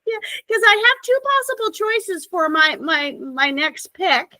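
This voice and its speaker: Female co-host, very high bright voice, casual, a bit hesitant. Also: very animated, a little slow, dry recording. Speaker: podcast co-host. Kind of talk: casual chat.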